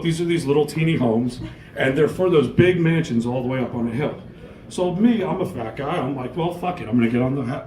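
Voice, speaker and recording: A man's voice: medium pitch, reverberant, low-quality recording. Crude, rambling middle-aged comic man. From New York. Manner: crude, rambling storytelling full of swearing. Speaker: stand-up comic. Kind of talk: stand-up comedy set.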